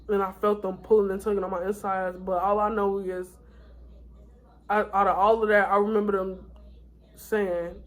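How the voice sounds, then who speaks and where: A tired young woman vlogging, telling her story in a candid, rambling way with many fillers and restarts. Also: medium pitch. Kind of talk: casual storytime vlog.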